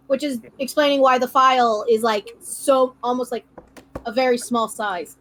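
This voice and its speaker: Woman, co-host, livestream chat, giggly, playful, reads donations, high voice. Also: steady tone, normal speed, fairly bright tone, rough recording.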